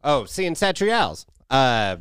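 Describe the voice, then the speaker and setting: A man co-hosting a podcast in casual chat, laid-back and quick to laugh, wired on coffee and swearing freely. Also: mid-range voice, big pitch swings, a bit bright, smooth, dry recording, studio quality. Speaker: podcast co-host.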